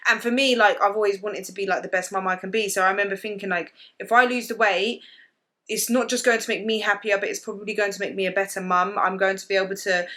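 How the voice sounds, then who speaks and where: A woman's voice: mid-range voice, fairly even intonation, quick pace, sharp tone. A young British woman telling a personal story to camera in a casual, emotional way, full of "like" fillers. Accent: British English. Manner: emotional, confiding, lots of "like" fillers. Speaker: vlogger.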